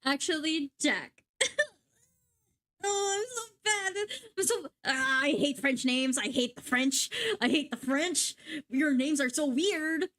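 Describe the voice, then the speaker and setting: A young woman VTuber, her voice sitting high and a bit bright, comments casually on a game at a slow pace. She sounds sleepy, giggling, swearing and stumbling over her words.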